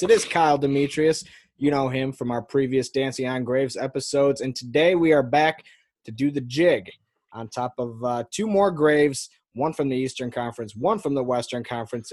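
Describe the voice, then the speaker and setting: A man's voice: mid-range voice, no room sound, clean studio sound. A young man hosting a sports podcast, chatting casually and joking with his co-hosts. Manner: upbeat, joking, quick banter. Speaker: podcast host. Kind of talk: casual chat.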